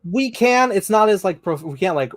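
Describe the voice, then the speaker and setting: A man's voice: high-pitched, animated, moderate pace. A man hosting a casual pop-culture podcast, explaining things in an easygoing way and laughing along. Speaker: podcast host. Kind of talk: casual chat reacting to a trailer.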